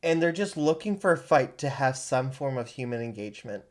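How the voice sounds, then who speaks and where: A podcast host who reads a slow, dramatic horror intro and then banters in a jokey, animated way. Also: medium pitch. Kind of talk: scripted horror narration, then casual chat.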